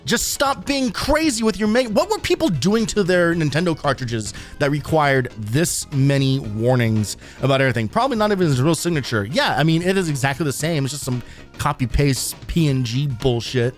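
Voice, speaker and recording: Animated, sarcastic young male streamer. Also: on the high side, moderate pace, faint music behind. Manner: animated, sarcastic, laughs often. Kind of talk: casual let's-play commentary.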